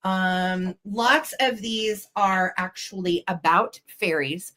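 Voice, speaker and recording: Showing off vintage pieces on a live online sale, a female host chats eagerly, filling her talk with ums. Her mid-range voice is slow, pushed, and bright.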